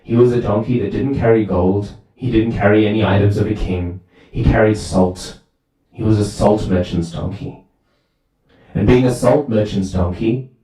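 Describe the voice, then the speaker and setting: Male temple speaker, lively storyteller, low and mellow, recorded from a distance in a reverberant hall. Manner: lively storytelling, asks "right?" often. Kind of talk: sermon with storytelling. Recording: very echoey hall, far from mic.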